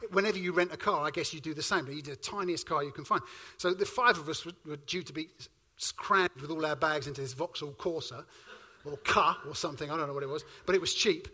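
A man from the UK preaching a sermon, telling a personal story in an animated way and acting out the dialogue. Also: on the high side, fast, breathy edge. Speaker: pastor.

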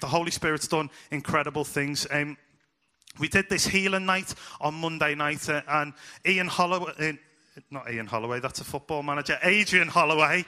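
Young male youth minister, casual story-sermon, bright and fairly high voice. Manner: chatty, animated, acts out voices in quotes.

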